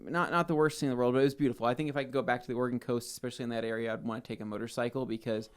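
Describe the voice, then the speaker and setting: Talking very fast in a clean, mid-range voice, the podcast co-host unspools a long story over casual chat. He's an animated storyteller who acts out the quoted voices.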